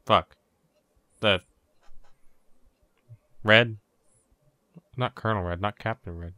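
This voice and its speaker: A man's voice: fairly low pitch, takes it slowly, pushed and bright, smooth, no echo. A man co-hosting a podcast, chatting casually and joking with friends. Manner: joking, swears. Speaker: podcast co-host. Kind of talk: casual chat.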